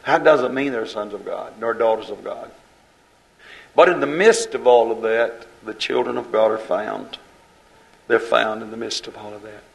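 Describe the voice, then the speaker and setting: A man preaching a fiery sermon in a repetitive cadence, swinging between loud and hushed lines. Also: lowish voice, normal speed, creaky, low-quality recording.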